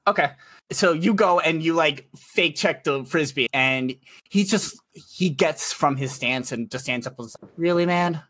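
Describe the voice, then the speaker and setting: A man's voice: on the high side, measured pace, a bit bright, husky, dry recording. A man narrating a tabletop game as game master, chatty and laughing often.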